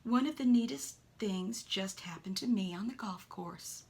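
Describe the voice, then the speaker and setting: A woman telling a children's adventure story in a lively voice, sometimes dropping to a whisper. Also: medium pitch, measured pace. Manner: animated, with soft whispered asides.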